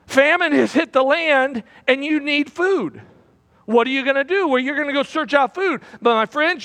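A man preaching a sermon from a church platform, swinging between loud bursts and hushed, repeated phrases. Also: extremely high pitch. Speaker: pastor. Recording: long hall reverb.

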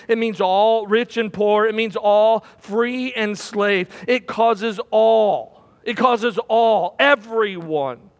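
A man preaching a sermon from a church platform, swinging between loud bursts and hushed, repeated phrases. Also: high-pitched. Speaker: pastor. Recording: long hall reverb.

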